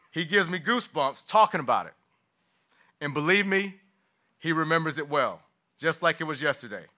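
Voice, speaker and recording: A man delivers a measured, emphatic press-conference introduction in a slightly higher voice. His tone is bright and forceful, and his phrasing is formal and well rehearsed. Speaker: athletic director introducing a new coach. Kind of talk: prepared press-conference speech.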